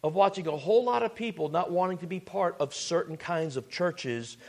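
A man's voice: high voice, brisk, darkish tone. A man preaching a sermon as pastor, earnest and full of restarts and asides.

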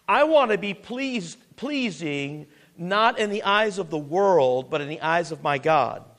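A man's voice: high voice, expressive, unhurried, fairly bright tone. A man preaching a sermon as pastor, earnest and full of restarts and asides.

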